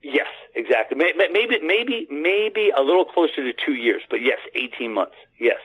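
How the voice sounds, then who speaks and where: A man's voice: fairly high pitch, big pitch swings, moderate pace, fairly bright tone, husky, low-quality recording. A man guest on a radio show, telling a long story in a rambling way with many restarts. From United States. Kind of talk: casual storytelling.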